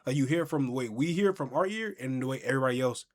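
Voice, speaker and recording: A man's voice: medium pitch, fast. A man hosting a casual podcast chat, telling stories and acting out what people say. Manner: animated storyteller, acts out quotes. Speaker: podcast host.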